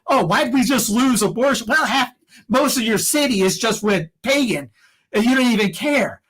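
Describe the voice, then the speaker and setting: Man, high voice, heated rambling podcast talk, lots of restarts. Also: animated, normal speed, fairly bright tone. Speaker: podcast co-host. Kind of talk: casual opinion chat.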